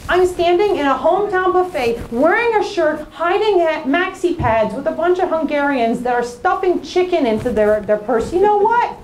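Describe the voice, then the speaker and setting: A young woman telling a comic story on stage, animated and sarcastic, at a live venue. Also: very high-pitched, normal speed, few pauses, slight background noise.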